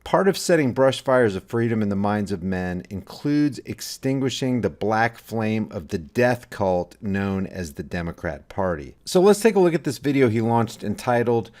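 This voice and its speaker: A man's voice: fairly low pitch, a little mellow. A man delivering a scripted political commentary voice-over, scornful and full of sweeping, emphatic rhetoric.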